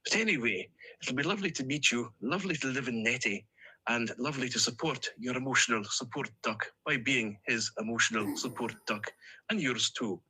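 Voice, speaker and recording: A man voicing a deep Highland Scottish duck. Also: fairly quick, slight background noise, low-quality recording. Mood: polite. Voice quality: deep, lilting. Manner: polite, gently formal requests. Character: deep-voiced Scottish male emotional support duck. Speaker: viewer sending a voice message.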